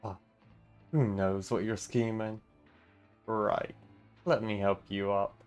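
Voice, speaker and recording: A man reading every part of a game story aloud in a steady, mostly plain voice, breaking off now and then for casual asides. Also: on the low side, slow pace, smooth, soft background music.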